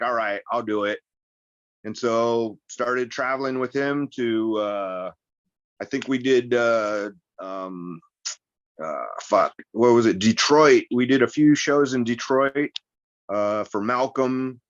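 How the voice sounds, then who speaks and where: A man's voice: mid-range voice, fairly bright tone, dry recording. A man being interviewed as a wrestler guest, telling stories in a rambling, profane way and acting out the voices of the people he quotes. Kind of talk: casual interview storytelling. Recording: slightly muffled, dry recording.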